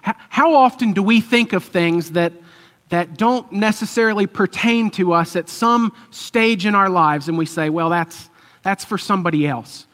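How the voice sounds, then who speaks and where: A man's voice: sits high, normal speed, fairly bright tone. A man preaching a conversational sermon, telling a story loosely with fillers and chuckles. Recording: long hall reverb.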